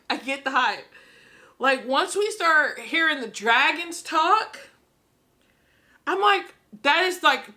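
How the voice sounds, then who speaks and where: A woman filming a casual book reaction vlog, gushing and excitable, often laughing and repeating herself as she rambles. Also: sits high. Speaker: book vlogger. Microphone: camera she films herself with.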